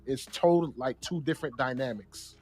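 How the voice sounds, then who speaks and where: A young adult man co-hosting a casual discussion, talking in an animated way with slang and repeated words. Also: mid-range voice, normal speed, breathy edge, faint music behind. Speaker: podcast co-host.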